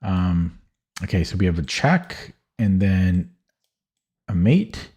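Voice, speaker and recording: A man streaming from his home office, calmly talking himself through chess puzzles in a slow, musing way. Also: deep voice, breathy edge. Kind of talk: thinking aloud while solving chess puzzles.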